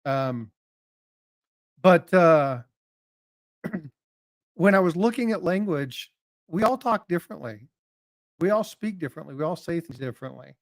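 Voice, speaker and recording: A man's voice: on the high side, expressive, a little slow, pauses often, dry recording, clean studio sound. A man hosting a casual livestream chat, greeting viewers by name in a folksy, joking way. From North Carolina. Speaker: livestream host.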